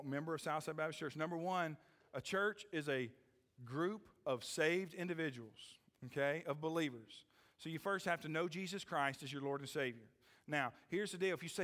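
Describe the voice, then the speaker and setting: A middle-aged man preaching a sermon as pastor, swinging from loud rising questions to hushed lines and checking in with "okay?" and "amen?". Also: fairly high pitch, in a large hall. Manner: repeats "okay?" and "amen?" to the congregation.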